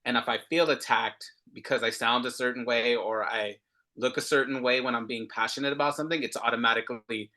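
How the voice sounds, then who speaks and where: Man, father, passionate talker on a video call, bright forceful tone. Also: mid-range voice, steady tone, brisk. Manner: earnest and passionate, with restarts. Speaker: father in a discussion group. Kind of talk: casual group discussion.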